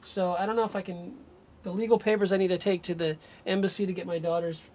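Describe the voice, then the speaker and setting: A man's voice: high-pitched, level tone, fast, darkish tone. A man working as an energy healer, thinking aloud and breaking off mid-sentence as he runs a live remote healing session. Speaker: radio show host.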